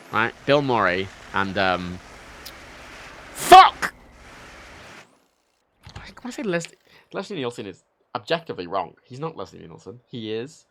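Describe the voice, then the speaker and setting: A young man livestreaming a game, rambling and mocking himself with sudden loud outbursts. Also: fairly low pitch, no echo. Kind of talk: casual gameplay chat.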